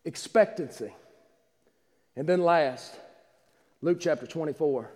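Livestreaming an Easter sermon from a small church, a man with a voice high for a male preaches fervently and repetitively, often stumbling and starting phrases over. He speaks slowly in a slightly mellow tone, and the room adds a long reverb.

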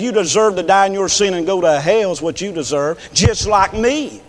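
Preacher guy, high voice that jumps all over, big echoey church hall. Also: expressive, normal speed. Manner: impassioned, swings from low talk to high shouts. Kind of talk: sermon. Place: church sanctuary.

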